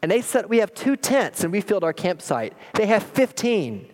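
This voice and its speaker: A middle-aged man preaching a sermon, his voice sitting a little high for a man. He reads scripture slowly and deliberately, then tells a family story in an animated, wry, self-deprecating way. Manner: slow, deliberate scripture reading. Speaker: pastor.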